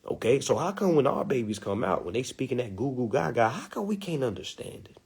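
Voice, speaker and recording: Animated husky man preaching casually. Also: medium pitch, fast talker. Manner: preachy, animated, acts out quotes. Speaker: spiritual teacher. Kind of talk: casual livestream talk.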